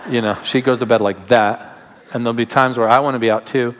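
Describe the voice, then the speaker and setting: A man preaching a sermon as pastor, emphatic, with sudden drops to quiet asides. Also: mid-range voice, slight background noise. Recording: long hall reverb.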